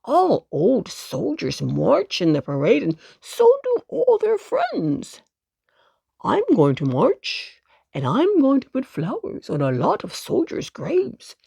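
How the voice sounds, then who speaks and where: A woman voicing a kind, polite old male circus dog who marches as a soldier, calling out heartily in a slow, gravelly storybook voice. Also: on the high side, wildly swooping pitch, warm tone, dry recording, studio quality, full character voice. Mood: friendly.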